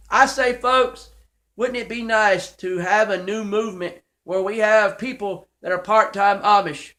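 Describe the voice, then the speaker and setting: Folksy male preacher, high and bright-voiced, fervent, small home-office church. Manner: folksy, fervent, talks straight to critics. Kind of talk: informal online sermon.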